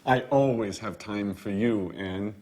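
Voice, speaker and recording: An actor playing Jack, an obliging friend giving advice, in a scripted language-course dialogue with careful delivery. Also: male voice, lowish voice, measured pace, a little mellow, natural voice.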